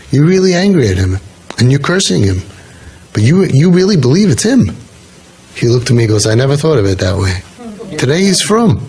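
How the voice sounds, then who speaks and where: Animated man telling stories to a crowd. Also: medium pitch, a little hiss or hum, poor audio. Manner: storytelling, animated, acting out quoted voices. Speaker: rabbi. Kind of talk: informal talk to an audience.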